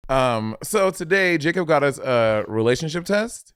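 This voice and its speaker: A man in his thirties co-hosting a podcast, reading sponsor ads in a chatty, lively way. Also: a little high, unhurried, clean tone. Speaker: podcast co-host. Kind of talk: casual podcast ad read.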